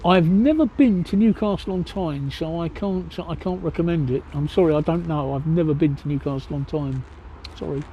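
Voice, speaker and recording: A man's voice: a little high, normal speed, muffled recording, a little hiss or hum. Blunt older man streaming. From England. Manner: blunt, chatty, answers viewer questions. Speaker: livestreamer. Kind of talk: casual live Q&A chat. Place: outdoors at a pub in a city. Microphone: phone.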